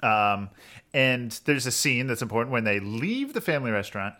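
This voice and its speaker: A male podcast co-host rambles through a long summary in casual chat, piling up "uh"s and "like"s and breaking into laughs. His voice is bright and forceful, average in pitch for a man, sing-song, and moderately paced.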